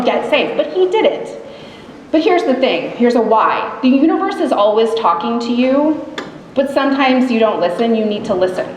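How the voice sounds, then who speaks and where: Mid-aged woman spinning a story live, bit high voice, echoey hall, faint room noise behind. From grew up in grizzly bear country. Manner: lively, animated, acts out quotes.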